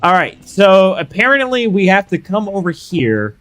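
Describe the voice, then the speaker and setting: A man's voice: high voice, moderate pace. A young man streaming a game live, hyping up his fights and chatting casually with viewers. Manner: excitable, hyped shouts while fighting.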